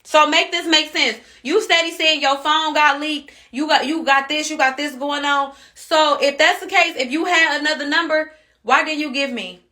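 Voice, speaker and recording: An upset mother rants on social media with a bright, sharp voice. She cusses, circles back to the same points and stays heated throughout. Her pitch sits high for a woman. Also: fairly even intonation, normal speed. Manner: heated, cussing, repeats herself. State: upset and angry. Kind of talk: angry social media rant.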